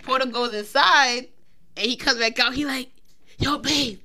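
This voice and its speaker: A young woman co-hosting a relaxed podcast conversation, slightly high and strikingly bright in tone. She tells stories animatedly and slips into quick acted-out quotes of other people. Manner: animated storyteller who acts out quotes. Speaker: podcast co-host. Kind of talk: casual chat.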